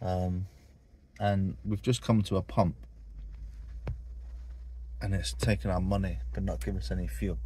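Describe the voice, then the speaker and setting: A man's voice: low voice, steady tone, measured pace, long pauses, mellow, breathy edge. A young man chatting casually to viewers in a travel vlog, rambling and joking. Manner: rambling, jokey, talks to viewers. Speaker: vlogger.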